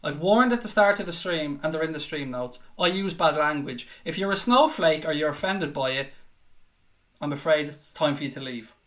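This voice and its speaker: A man hosting a live football watchalong, commentating in a frustrated, sweary way with bursts of shouting. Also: fairly high pitch, normal speed. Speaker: watchalong host. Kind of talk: live fan reaction commentary.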